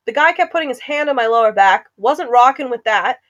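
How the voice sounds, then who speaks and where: A woman's voice: on the high side, animated, a little fast, muffled recording. A young woman in casual chat, recounting events in a laid-back, rambling way with fillers.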